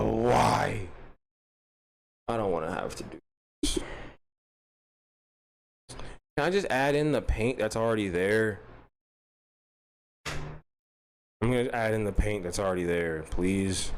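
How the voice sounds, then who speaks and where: A man's voice: lowish voice, slight background noise, low-quality recording. A man hosting a casual livestream, talking in loose, profane, self-mocking banter with frequent restarts. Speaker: livestream host.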